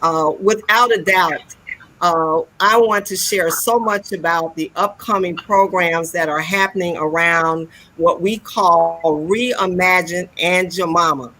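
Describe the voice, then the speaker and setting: A woman's voice: lowish voice, bright, forceful tone, rough recording. A woman guest on a live stream speaking earnestly and steadily over a video call. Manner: earnest, measured, with some restarts. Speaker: guest, historical society president.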